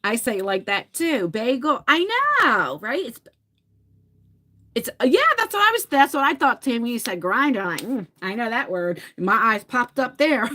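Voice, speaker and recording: A woman's voice: on the high side, very animated, moderate pace, bright, forceful tone. A woman in her forties with a New Jersey accent, chatting casually with her livestream viewers in a rambling way, laughing and swearing now and then. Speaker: livestream host.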